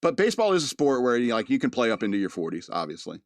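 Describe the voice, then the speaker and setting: A man's voice: medium pitch, big pitch swings, rapid-fire, slight background noise. A man giving a casual, rambling movie review. He laughs often and acts out the characters' lines.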